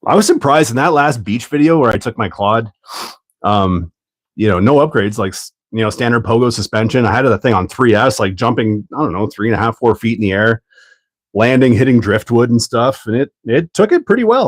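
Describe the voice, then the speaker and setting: A chatty man hosting a hobby livestream, with a middle-pitched, ordinary speaking voice. He rambles, thinks out loud and laughs easily. The sound is dry and close to the mic, with no room echo. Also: lively intonation, a little fast. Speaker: livestream host building an RC kit. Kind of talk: casual livestream chat.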